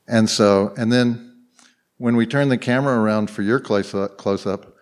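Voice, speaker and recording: A man's voice: fairly low pitch, normal speed. A man telling loose, rambling anecdotes as a guest on a live convention panel, full of fillers and frequent chuckles. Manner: rambling, heavy on fillers and restarts, chuckling often.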